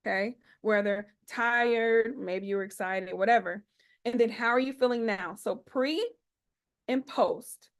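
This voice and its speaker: A woman in her forties hosts an online event over a video call, with a fairly high voice. She talks in a playful, slangy, chatty way and keeps hyping up her audience. She sounds like she is speaking into a home computer. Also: measured pace. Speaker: host of an online expo. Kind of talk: lively motivational hosting on a video call.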